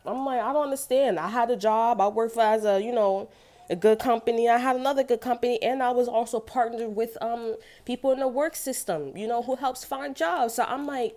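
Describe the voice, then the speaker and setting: A woman's voice: fairly high pitch, steady tone, brisk, dark tone. A woman giving a casual tarot reading, venting bluntly with lots of profanity. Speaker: tarot reader.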